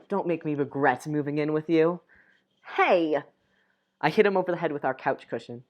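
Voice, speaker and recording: A woman's voice: deep voice, moderate pace, highs cut off. A young woman reading a dating game's text and dialogue aloud, breaking off for giggly asides. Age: young adult. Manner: reads lines softly, breaks off with giggly asides.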